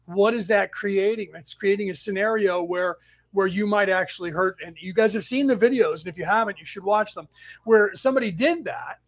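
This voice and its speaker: A man hosting a spiritual study class on a live stream, telling stories in a rambling way with sudden loud outbursts, talking into a home computer mic. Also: sits high, brisk. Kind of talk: casual live-stream storytelling. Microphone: home computer mic over weak Wi-Fi.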